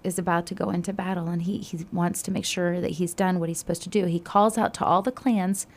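A woman telling a Bible story to a listener in a casual, animated way, with frequent fillers. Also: on the low side, fairly quick.

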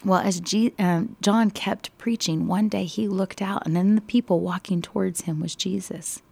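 Woman storyteller for Bible stories, gravelly voice, dry close sound, emphatic. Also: medium pitch, dry recording. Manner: expressive, slow and emphatic.

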